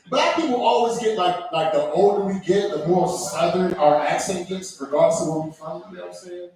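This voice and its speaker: A man's voice: high-pitched, lively intonation, normal speed, a little mellow. A man hosting an open mic and doing loose, cursing stand-up in a small club. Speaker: open mic host and comedian. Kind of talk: stand-up comedy. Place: small comedy club stage. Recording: very echoey room, far from mic.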